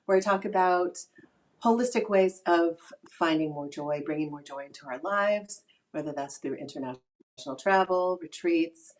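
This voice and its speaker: A woman guest chatting on a video call, hoarse from losing her voice, relaxed and rambling. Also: lowish voice, normal speed. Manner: relaxed, rambling, laughs easily. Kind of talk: casual interview chat.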